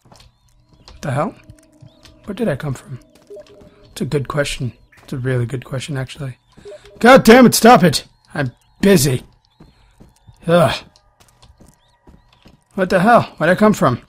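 Slow-talking young man playing a horror game. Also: mid-range voice. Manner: rambling, swears at the game, bursts of loud outbursts and muttered whispers. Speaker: gaming YouTuber. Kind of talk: casual horror game commentary.

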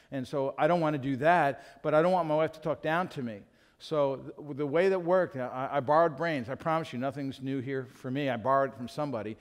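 A middle-aged man preaching a sermon as a pastor, candid and self-deprecating, acting out little talks with his wife. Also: mid-range voice. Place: church sanctuary. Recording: hall reverb from a church.

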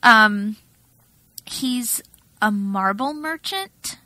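A woman co-hosting a podcast in casual chat, measured and explanatory, laughing easily. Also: a little high, animated, bright, forceful tone, no echo, low-quality recording. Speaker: podcast co-host.

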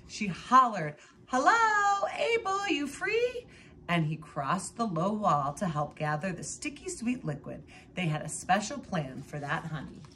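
Lively woman reading a picture book. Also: lowish voice, a little hiss or hum. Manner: lively, expressive read-aloud. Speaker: storybook reader.

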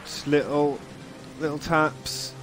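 A man's voice: on the high side, steady tone, takes it slowly, a bit bright, faint music behind. A man streaming a game, chatting casually, laughing often and reading the story text aloud.

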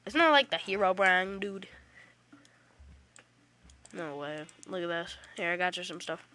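A woman's voice: on the low side, lively intonation, a little slow, pushed and bright. A woman casually chatting while playing a game online, playfully trash-talking creatures in slangy speech. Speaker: gaming channel host. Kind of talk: casual let's-play chatter.

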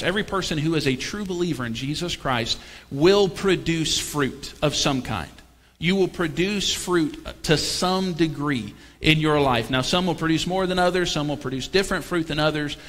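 A man's voice: on the high side, fairly bright tone. A man preaching a sermon as pastor, talking conversationally and tossing rhetorical questions and jokes to the congregation. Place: church sanctuary. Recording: long reverb of a church hall.

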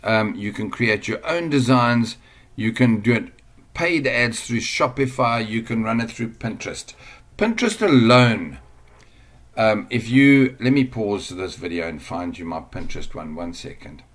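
A man with a low-pitched voice talks through a casual screen-share tutorial at home. He rambles and goes off on tangents. He sounds easily amused as he teaches. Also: lively intonation, measured pace, a bit bright. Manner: chatty, digressive, easily amused. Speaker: online business trainer.

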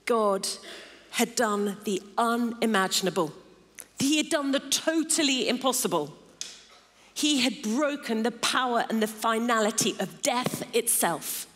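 A woman's voice: a little high, unhurried, a bit bright. Middle-aged woman preacher, emphatic sermon delivery, long church reverb. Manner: emphatic, builds lists of intensifying phrases. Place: large church hall.

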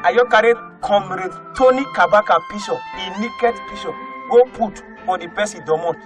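A male comedian with a Nigerian Pidgin English accent, telling animated comic stories and often breaking into shouted put-on voices. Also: high voice, normal speed. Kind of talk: stand-up comedy storytelling. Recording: faint music behind.

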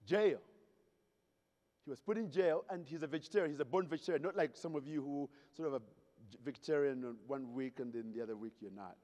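A man from Zaire gives a funny, story-driven keynote at a convention in a hotel ballroom, playfully quizzing the audience. His voice is fairly high and mellow, and he talks fairly quickly. The convention hall is reverberant.

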